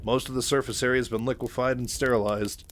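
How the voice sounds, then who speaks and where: A man's voice: medium pitch, steady tone, fast, lightly acted. A man voicing a hesitant ship technician. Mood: reporting. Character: hesitant male starship technician reporting scans.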